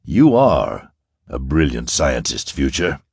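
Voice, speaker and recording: A man doing a smooth half-Martian villain in an audiobook, gloating with quiet, ironic menace. The voice sits very low and drawn-out, with a rich rise and fall. It is recorded close and dry. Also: big pitch swings, no echo, heavily acted. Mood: mocking. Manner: ironical, soft-spoken menace.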